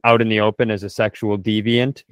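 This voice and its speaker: A man's voice: fairly low pitch, flat delivery, a little fast, smooth, no echo. Profane blustering man, dry close sound. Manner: profane, mock-threatening, bluster. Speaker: podcast co-host. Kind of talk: improvised comedy banter.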